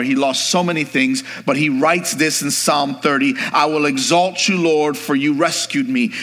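Man, pastor, sermon, bright forceful voice, swings from hushed to shouting, long hall reverb. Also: on the high side. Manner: swings from hushed to shouted, calls for congregation response.

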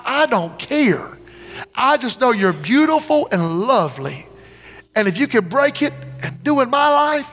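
A high-pitched male preacher delivers an impassioned revival sermon in a church sanctuary, pleading again and again for listeners to step out. His voice rings with the long reverb of a large hall. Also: a bit bright. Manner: impassioned, repetitive pleading calls. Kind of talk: revival sermon with altar call.

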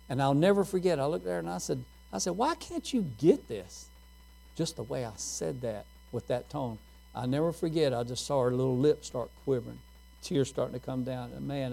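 A man's voice: mid-range voice, creaky, mellow. A man preaching a sermon, quoting scripture and telling homespun stories in a folksy manner.

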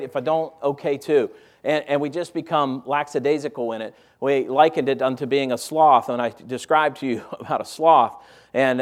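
In a church auditorium, a male pastor with a mid-range voice preaches a conversational sermon, peppering the congregation with rhetorical questions.

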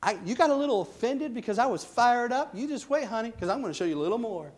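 A defiant king answers his wife's scorn with cocky, teasing confidence, as a male preacher voices him. The delivery stays close to the preacher's own relaxed talking voice. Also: extremely high pitch, quick pace. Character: defiant, fired-up king, man.

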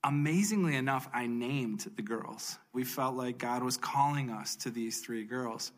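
Earnest man telling his story. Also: mid-range voice. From United States. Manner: earnest, emotional, speeds up and slows for emphasis. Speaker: speaker sharing a personal testimony. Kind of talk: personal faith testimony storytelling.

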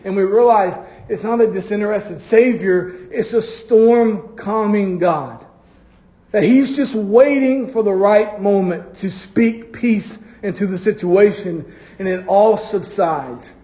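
A man's voice: high-pitched, warm tone. A man preaching a sermon to his congregation, stretching key phrases for emphasis. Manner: preaching with drawn-out emphatic phrases and acted quotes. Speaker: pastor. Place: church.

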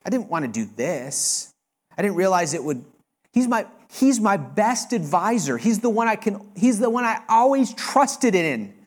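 Man doing regal ancient king, anguished, emphatic, pleading, slightly high voice. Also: very animated, a little slow, heavily acted.

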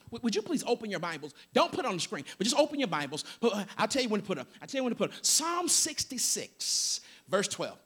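Man, pastor, high voice, lively swooping delivery, call-and-response sermon. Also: fast talker, hardly any pauses, husky. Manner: preaching with call-and-response and joking asides to the congregation. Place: church sanctuary.

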